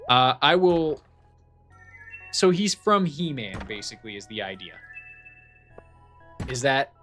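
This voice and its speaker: A rambling, jokey man livestreaming a game at a middle pitch, talking loosely to his chat at a desk microphone. Light game music runs quietly underneath. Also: big pitch swings, slow pace. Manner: chatty, jokey, rambling with fillers and restarts.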